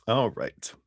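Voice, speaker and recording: A middle-aged man hosts a live tarot reading stream in a very low voice that still swings up and down a lot. He is chatty and laughs often, recorded close and dry with no room sound. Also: dark tone, husky, dry recording. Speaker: tarot reader.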